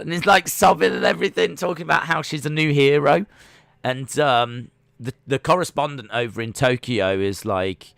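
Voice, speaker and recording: A man's voice: on the high side, normal speed, creaky, a bit bright, dry recording, studio quality. A man hosting a casual watch-along livestream, rambling and full of "like" and restarts. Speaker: livestream host.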